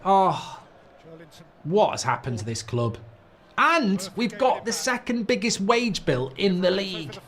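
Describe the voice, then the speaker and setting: A man's voice: high-pitched, big pitch swings, a little slow, a bit bright. A middle-aged man hosting a football watchalong, ranting in live match reaction with frequent swearing.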